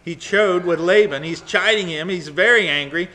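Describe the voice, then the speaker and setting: Male Bible teacher, halting delivery full of fillers, bright and forceful tone. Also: high voice. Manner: halting with many fillers, dramatizes readings.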